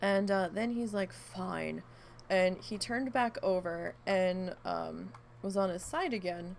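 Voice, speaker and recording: A gravelly woman chats casually while streaming and slides into a rambling story, putting on little voices for the lines she quotes. She sounds stuffy and half-hoarse from allergies, and a faint hiss sits under her voice. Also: mid-range voice, measured pace. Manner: rambling storyteller, animated when quoting her dog. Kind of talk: casual chat during a live game stream.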